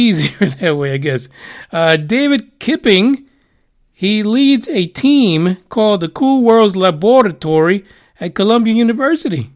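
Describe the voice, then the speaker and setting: A man hosting a casual talk show, rambling with profane joking asides. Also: sits high. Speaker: podcast host. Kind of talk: casual radio show chat.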